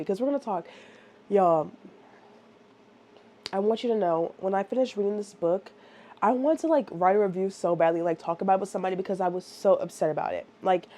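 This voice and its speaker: A woman's voice: mid-range voice, brisk. A woman giving a casual, rambling book review, talking animatedly and constantly checking in with her listeners. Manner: animated, rambling, lots of "like" and "right?".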